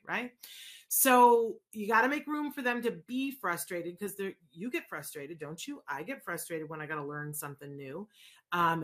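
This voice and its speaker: A woman hosting a casual live chat, answering viewers in an animated, conversational way and often checking in with "right?". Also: on the low side. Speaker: host answering viewer questions.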